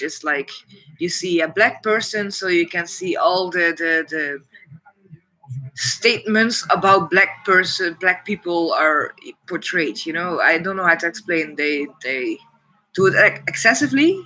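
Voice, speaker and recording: A Dutch-accented man chatting on his own live stream, blunt and opinionated, with "it's like" in nearly every sentence. His voice sits high for a man and rings very bright and forceful. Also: expressive, unhurried, poor audio. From Netherlands. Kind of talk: casual live stream chat.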